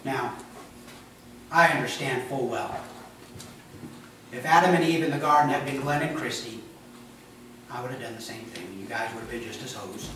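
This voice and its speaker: A man giving a sermon as pastor, animated and joking in a conversational way. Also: mid-range voice, normal speed, long pauses, slight background noise. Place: church sanctuary. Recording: echoey church hall from a distance.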